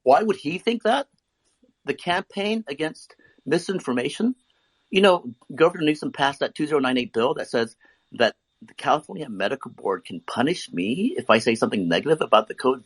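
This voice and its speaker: A man's voice: mid-range voice, expressive, fairly quick, breathy edge, no echo. A man who works as an eye surgeon, arguing heatedly in a live online debate, emphatic and given to swearing.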